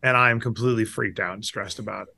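This is a middle-aged man talking as a guest on an interview show. He tells candid stories about himself and acts out quotes with big swings in pitch. The sound is close and dry. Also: steady tone, fast, creaky, sharp tone, husky, dry recording. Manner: candid and self-deprecating. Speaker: guest investor. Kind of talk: storytelling interview answers.

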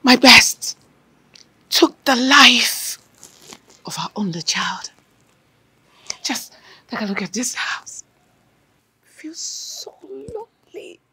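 An actress playing a grieving mother of a missing daughter, speaking slowly in a breathy, tearful whisper. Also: high voice, expressive, a little mellow, low-quality recording. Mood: despairing. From Nigeria. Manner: tearful, slow, despairing. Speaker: actress in a film. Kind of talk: film drama acting.

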